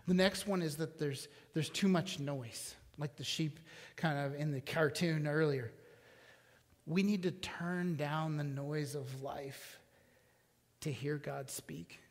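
A man's voice: a little high, slow. A man, preaching a conversational sermon and asking the congregation questions. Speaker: pastor. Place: church hall. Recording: long hall reverb.

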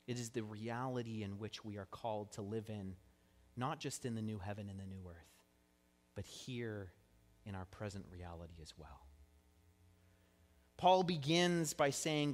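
A man's voice: fairly low pitch, measured pace, pauses often. A man preaching a conversational sermon in a church, earnest and chatty, drawing the congregation in to repeat words with him. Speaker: pastor. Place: church sanctuary. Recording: long church hall reverb.

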